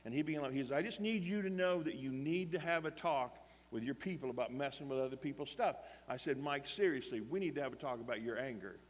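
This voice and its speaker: A man's voice: mid-range voice, fast talker, hardly any pauses. A man preaching a sermon, telling a story animatedly and acting out both sides of the dialogue. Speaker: pastor. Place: camp meeting hall. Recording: long hall reverb.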